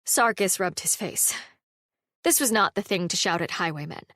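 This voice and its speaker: A woman narrating a cozy fantasy audiobook in a steady, wry storytelling manner on a close mic. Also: on the low side, moderate pace, dry recording. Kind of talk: scripted narration.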